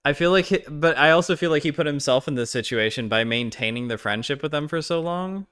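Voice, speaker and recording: A man's voice: on the high side, brisk, fairly bright tone, smooth. A man reacting on a live stream, blunt and profane, rambling and often restarting his sentences.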